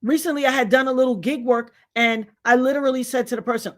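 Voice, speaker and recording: A woman's voice: sits high, steady tone, quick pace. A middle-aged woman giving a blunt, emphatic commentary monologue, lecturing her viewers directly. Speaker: vlogger.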